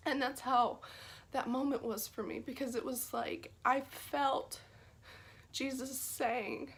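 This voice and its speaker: A woman with a fairly high, husky voice recounts a personal faith experience. She talks earnestly and conversationally, often sinking into a gentle whisper when things turn tender. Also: slow pace. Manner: earnest, drops to a soft whisper at tender moments. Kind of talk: personal testimony.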